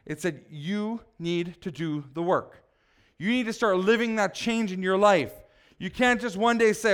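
A middle-aged man preaching a blunt, exhorting sermon, swinging between loud pushes and quiet asides. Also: high-pitched, normal speed.

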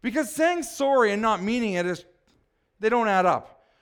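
High-voiced man preaching a sermon. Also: expressive, moderate pace, clean tone. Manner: emphatic, asks the congregation questions. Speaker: pastor.

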